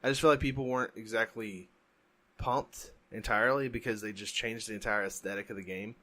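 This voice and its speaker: A man co-hosting a casual podcast, talking in a halting, rambling way with many restarts. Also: fairly low pitch, steady tone, sharp tone. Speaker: podcast co-host. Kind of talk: casual chat. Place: home, during a thunderstorm.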